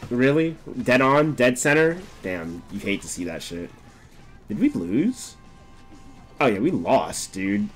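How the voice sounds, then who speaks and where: A man's voice: medium pitch, normal speed, slightly rough, faint music behind. Young guy streaming, super swingy voice, cussing and laughing a lot, casual chat. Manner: swears a lot, laughs, excitable outbursts. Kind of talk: casual gameplay commentary.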